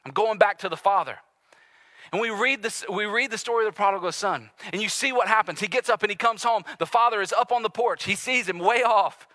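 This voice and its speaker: A male pastor preaching a sermon earnestly and confessionally, swinging between loud urgency and hushed intimacy. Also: high voice, fast talker, few pauses, no echo, studio quality. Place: church sanctuary with live and online audience.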